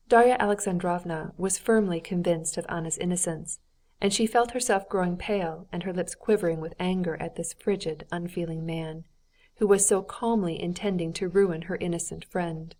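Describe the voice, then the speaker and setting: Low-voiced woman narrating a novel. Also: fairly even intonation, moderate pace, darkish tone. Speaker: audiobook narrator. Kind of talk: scripted narration.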